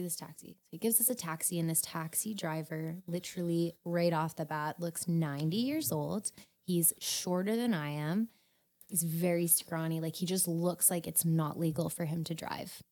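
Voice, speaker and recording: Animated young woman telling stories. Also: lowish voice. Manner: animated, laughing, swearing often. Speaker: podcast guest. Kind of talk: casual storytelling.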